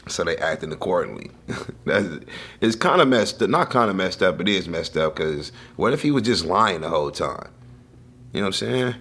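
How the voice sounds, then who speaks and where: A man's voice: sits low, lively intonation, normal speed, fairly bright tone, husky. Laughing man hosting a reaction show. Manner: laughing, teasing commentary. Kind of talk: casual commentary.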